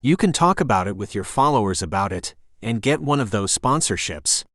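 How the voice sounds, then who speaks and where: A man voicing a caring, patient man who speaks gently and reassuringly in an audiobook. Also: lowish voice, expressive, brisk, no room sound, studio quality. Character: caring, patient man comforting his partner.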